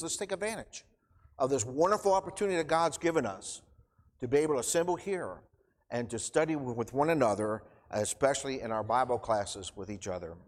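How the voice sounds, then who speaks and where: A middle-aged man giving an informal, emotional sermon in church, choked up and rambling with restarts. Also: a little high. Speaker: preacher. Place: church hall. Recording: long church reverb.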